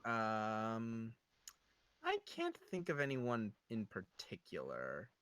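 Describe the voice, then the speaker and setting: A man's voice: lowish voice, wildly swooping pitch, takes it slowly, fairly bright tone, no room sound. A man playing an online tabletop game, thinking aloud in a casual, musing way. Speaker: player.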